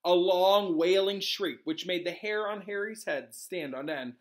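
A male teacher with a high-sitting voice reads a novel aloud to his students in an animated way. He pauses to correct himself and explain things.

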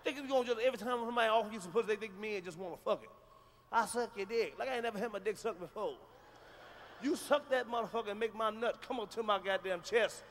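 A man doing a loud, profane stand-up routine on stage, telling stories with shouts and acted-out moans. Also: high voice, quick pace, slight background noise. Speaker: stand-up comedian. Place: large live venue on stage.

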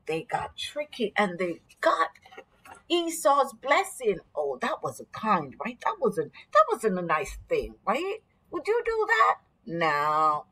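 Husky, animated woman telling kids a Bible story. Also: on the high side. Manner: expressive, asks the children questions. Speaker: vacation Bible school teacher.

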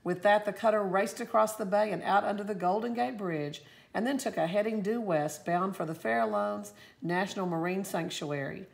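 A woman teacher reads a children's storybook aloud, expressive and lively. Her mid-range voice has a noticeable gravelly fry. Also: mid-range voice, moderate pace, few pauses.

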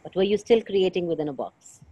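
Middle aged lady coach, lower voice, asks probing questions, kinda teasing. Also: animated, fairly quick, dark tone, husky, poor audio. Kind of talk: coaching conversation.

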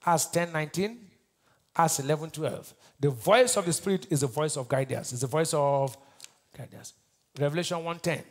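A man with a Nigerian accent preaching a sermon as pastor, quizzing his congregation call-and-response style and swinging between loud declarations and hushed lines. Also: on the high side.

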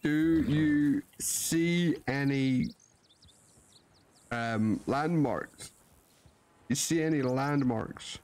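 A man's voice: medium pitch, extremely slow, pauses often, a little mellow. A man streaming a western roleplay, talking in a folksy drawl, swearing and joking as his character. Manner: drawling folksy cowboy talk, swearing, laughing at himself.

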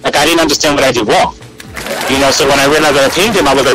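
A man guest telling animated stories in a casual interview, acting out what people said. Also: mid-range voice, rapid-fire, low-quality recording. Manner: animated, acts out quoted voices, frequent restarts. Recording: radio interview with loud music and crowd behind.

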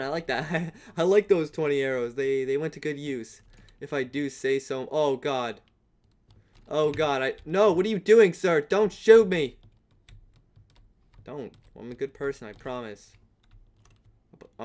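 A young man commenting on his own Minecraft game, swinging from hushed mutters to loud, excited yelling. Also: fairly high pitch. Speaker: gaming channel host.

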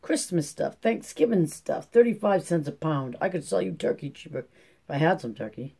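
A small, sly store clerk as a man reads him aloud talks in a glib, giggly drawl. His voice is mellow with a quick, slippery edge. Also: on the high side, big pitch swings, creaky, breathy edge, heavily acted.

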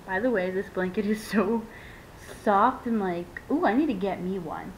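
A young woman in casual unboxing chat who gushes, squeals and laughs often as she talks to her viewers. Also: unhurried. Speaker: vlogger unboxing a reborn doll. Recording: dull lo-fi home video with faint rumble.

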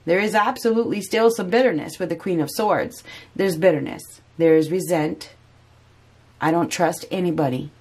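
A woman's voice: lowish voice, moderate pace, darkish tone, husky. A woman giving a casual spoken tarot reading, chatty and repeating phrases for emphasis. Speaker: tarot reader.

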